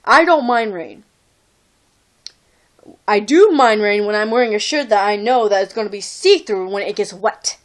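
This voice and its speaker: A woman's voice: mid-range voice, expressive, moderate pace, long pauses. A young woman from Texas telling a rambling, exasperated story to camera, recorded on a phone. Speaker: vlogger.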